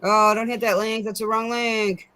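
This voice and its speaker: A woman co-hosting a casual live-stream chat, giggly and animated. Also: on the high side, normal speed. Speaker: co-host.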